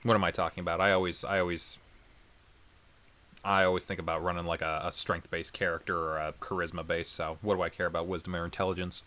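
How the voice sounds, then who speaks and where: A man's voice: low voice, flat delivery, fast talker, bright, forceful tone. A man co-hosting a casual podcast chat, rambling with lots of fillers and frequent laughs. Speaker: podcast co-host.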